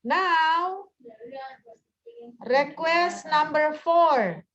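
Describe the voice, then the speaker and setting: Woman, English teacher, high voice, patient drills, dull video-call audio. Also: lively intonation, a bit bright. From Indonesia. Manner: slow, deliberate, repeats example phrases, drills. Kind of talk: online classroom lesson.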